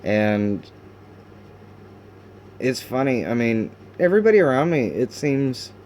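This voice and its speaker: A man talks into his camera at home in a confessional diary, his voice mellow and dark rather than bright. He speaks haltingly, restarting his sentences often, with frustration that breaks out now and then in cursing. A faint hum sits behind him. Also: mid-range voice, big pitch swings. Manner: halting and raw, with frequent restarts and fillers. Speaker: video diarist.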